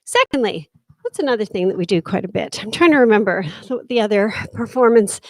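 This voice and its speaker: A woman presenting a workshop on performance tips in an energetic, demonstrative way. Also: medium pitch, a little fast, dry recording.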